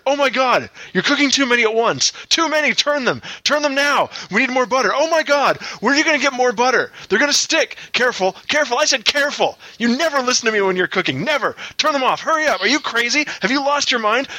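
A man doing a frantic, shrill nagging husband. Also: expressive, fast talker, dry recording, heavily acted. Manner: shrill panicked yelling.

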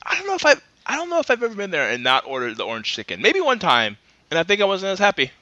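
Laid-back guy, swears a lot, voice swings all over, really bright. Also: sits high, racing, no echo, highs cut off. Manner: relaxed, blunt, swears casually. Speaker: podcast co-host. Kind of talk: casual chat.

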